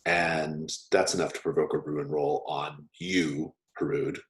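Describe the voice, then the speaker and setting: Deep-voiced man running a tabletop game. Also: level tone, a little slow. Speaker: game master. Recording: roomy echo.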